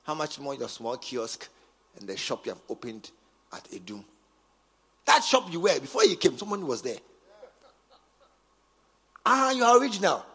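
A man with a Ghanaian English accent preaching a sermon as bishop, emphatic and repetitive, swinging from quiet asides to shouts. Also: medium pitch, big pitch swings, moderate pace, breathy edge, long reverb tail. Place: large cathedral.

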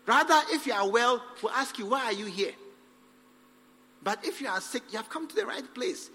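A pastor with a high voice delivers a sermon at normal speed, his pitch swinging widely and lively. He hammers his points emphatically, calls for responses, and acts out small dialogues, all with a long hall reverb on his voice.

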